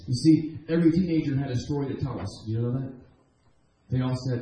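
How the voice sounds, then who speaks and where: Telling stories with earnest animation and frequent restarts, a guest preacher speaks fairly quickly in a mellow, medium-pitched voice. He's preaching a testimony sermon in a church sanctuary, captured in an echoey church hall recording.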